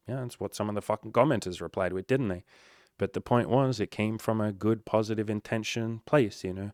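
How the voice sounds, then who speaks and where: A man's voice: fairly low pitch, dry recording, clean studio sound. A man speaking candidly to camera, rambling and reflective, with emphatic, heavy swearing. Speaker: life coach and vlogger.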